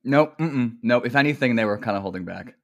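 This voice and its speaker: A man's voice: medium pitch, animated, a little fast, gravelly, muffled recording. A man from New Jersey, a podcast guest in casual chat, laid-back and joking and often trailing off.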